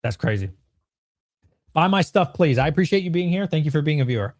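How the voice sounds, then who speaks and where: A man's voice: fairly high pitch, brisk. Thirties male streamer, fired-up and foul-mouthed, voice leaping all over as he argues with chat. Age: 30s. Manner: excitable, swears a lot, ranting at chat. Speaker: streamer host. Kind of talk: livestream Q&A chat.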